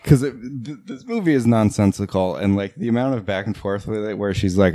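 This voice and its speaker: A man's voice: fairly low pitch, animated, fairly quick, warm tone, no echo, clean studio sound. A man co-hosting a casual movie commentary, rambling and laughing often.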